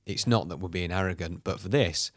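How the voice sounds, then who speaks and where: A man co-hosting a guitar school podcast, talking in a relaxed way with short interjections. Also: sits low, a little fast, no room sound, clean studio sound. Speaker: podcast co-host, guitar teacher. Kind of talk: casual podcast chat.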